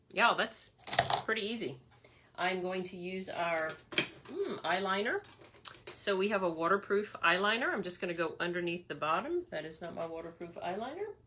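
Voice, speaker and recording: A woman's voice: fairly low pitch, noisy background. A woman giving a chatty makeup tutorial, talking straight to her viewers. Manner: chatty, addresses viewers as y'all. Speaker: makeup demonstrator.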